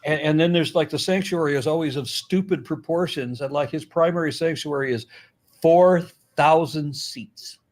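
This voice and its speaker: A middle-aged American man talking casually as a guest, blunt and profane, animated, with frequent restarts. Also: on the high side, brisk, few pauses. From United States. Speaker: YouTuber and guest. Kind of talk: casual conversation.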